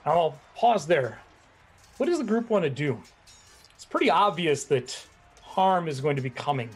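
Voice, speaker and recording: Husky-voiced man running a game. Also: on the high side, unhurried, faint music behind. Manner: animated, laughs often. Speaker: game master. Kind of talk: narrating a tabletop game.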